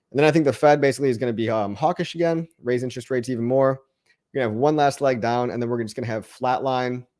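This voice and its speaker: A man talks straight to his livestream audience in a loose, rambling pep-talk voice, often restarting his words. His pitch sits in the ordinary middle for a man, and he keeps the mood upbeat and encouraging. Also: darkish tone. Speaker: livestream host answering chat questions. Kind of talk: casual motivational rant.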